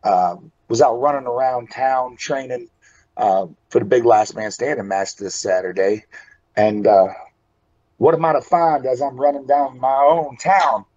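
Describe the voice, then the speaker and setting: A pro wrestler from West Virginia cuts a folksy, intense promo in character, calling people "brother." His mid-range voice is unhurried with a darkish tone, and the audio is dull and lo-fi.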